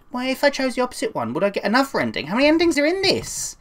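A woman's voice: high-pitched, huge pitch swings, rapid-fire. Woman swearing through a horror game. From England. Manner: jumpy, swears when scared, dry asides. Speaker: gaming YouTuber. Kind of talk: let's play commentary.

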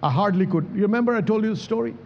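A man's voice: sits high, very fast, creaky, in a large hall, dull audio, slight background noise. A male pastor preaching a sermon, calling out to the congregation for responses and acting out prayers as he speaks. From India. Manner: preaching with emphatic calls to the church.

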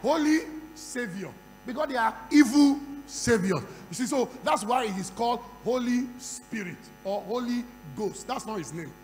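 A man preaching a sermon at a conference, moving from quiet storytelling to loud shouting. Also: very high-pitched, lively intonation, moderate pace. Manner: acts out dialogue in a conversational storytelling voice. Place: large conference hall. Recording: reverberant hall with faint hum.

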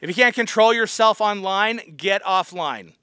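A man's voice: sits high, moderate pace, bright, forceful tone, smooth, no room sound, clean studio sound. A man teaching a Bible study as a pastor, blunt and harsh, scolding his listeners. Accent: American.

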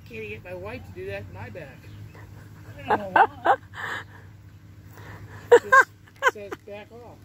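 A man tosses out dry jokes in a casual chat. His pitch moves a lot and his tone is bright, and he speaks slowly. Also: huge pitch swings, husky. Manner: dry joking banter.

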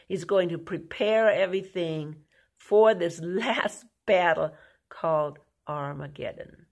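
An end-times prophecy teacher preaching to viewers in an emphatic way, with rhetorical questions and lots of "okay?" and "you know". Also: mid-range voice.

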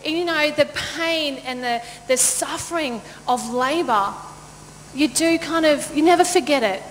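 A woman pastor telling a lively personal story in a sermon, laughing often and acting out the voices of the people in it. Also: high-pitched, measured pace. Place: church auditorium. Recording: long church-hall reverb, faint noise.

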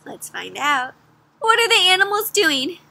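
A woman giving an interactive read-aloud for children, animated, with gasps and questions to her young listeners. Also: very high-pitched, measured pace, vocal fry, no room sound. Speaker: children's storyteller.

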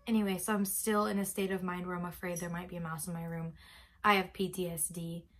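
A woman's voice: lowish voice, fast. A young woman vlogger telling a dramatic story casually, full of fillers. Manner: animated, dramatic, many fillers. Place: bedroom.

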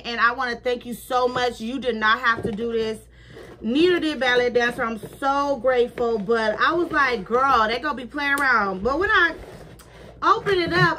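A woman's voice: high-pitched, bright, forceful tone, a little hiss or hum. A middle-aged woman, chatting effusively in a casual haul video and thanking her viewers. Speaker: vlogger.

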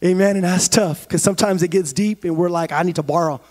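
High-voiced man preaching a sermon. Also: quick pace. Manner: preaching with swings from quiet to shouting and sing-song cadence. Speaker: pastor. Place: church sanctuary.

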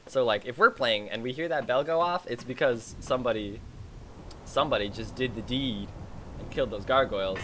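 A man giving excitable, chatty commentary while streaming a game. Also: mid-range voice, a little fast, slight background noise. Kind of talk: casual gameplay commentary.

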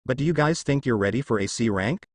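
A man's voice: medium pitch, expressive, fast talker, no room sound, natural voice. Man reading as an easygoing, sheepish ninja sensei, dry sound. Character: laid-back adult male ninja teacher.

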